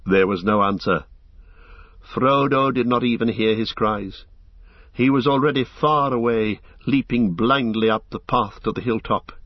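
A man reading an audiobook as narrator, in measured, even storytelling. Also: medium pitch, dry recording. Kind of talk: scripted narration. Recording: slightly dull lo-fi recording.

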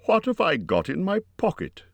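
A man's voice: on the high side, very animated, measured pace, vocal fry, a bit bright, no room sound, pitched above the performer's own voice, exaggerated voice. A man voicing a small, anxious male hobbit, speaking earnestly in a raised, urgent voice. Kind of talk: audiobook character voice.

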